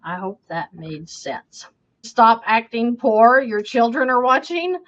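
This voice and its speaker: A woman's voice: on the high side, takes it slowly, fairly bright tone, lo-fi sound. A woman, a financial coach, answers viewer questions emphatically and keeps checking in with "okay?". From United States.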